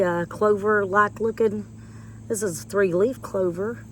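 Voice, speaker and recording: A woman's voice: mid-range voice, measured pace, a little hiss or hum. A woman chatting casually with her viewers while pulling weeds outdoors, rambling and folksy, with a slight cough from a chest infection. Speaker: vlogger. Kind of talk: casual chat while doing yard work. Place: outdoors in a yard by a porch.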